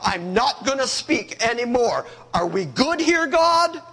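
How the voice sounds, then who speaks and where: A man's voice: very high-pitched, big pitch swings, measured pace, gravelly, bright, forceful tone, husky, in a large hall, voice pushed up, exaggerated voice. A man voicing Job, a humbled, weary man giving up, sheepish and flippant.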